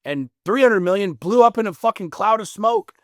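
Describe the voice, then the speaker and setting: A man's voice: high voice, moderate pace, dry recording, clean studio sound. A man appearing as a podcast guest, telling stories bluntly and profanely in a casual conversation. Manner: animated storyteller, blunt and profane.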